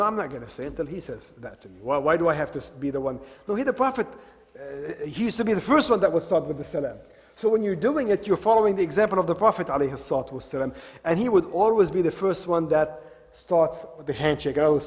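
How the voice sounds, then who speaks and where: A man's voice: a little high, a little mellow. A man giving a religious talk at an Islamic center, telling stories and repeating his key phrases for emphasis. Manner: retells stories, repeats key phrases, mixes in Arabic devotional expressions. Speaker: religious lecturer. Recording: long hall reverb.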